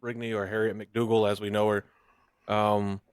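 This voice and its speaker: A man's voice: on the low side, little pitch movement, moderate pace, smooth, dry recording, clean studio sound. Young man joking dryly on podcast. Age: young adult. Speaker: podcast co-host. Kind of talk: casual chat.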